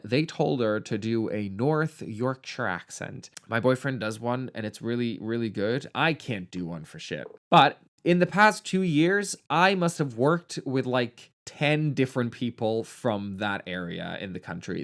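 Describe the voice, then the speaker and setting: Casual male film reviewer, mid voice, snarky, quick to laugh. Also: mid-range voice, animated. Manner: sarcastic, swears, laughs often.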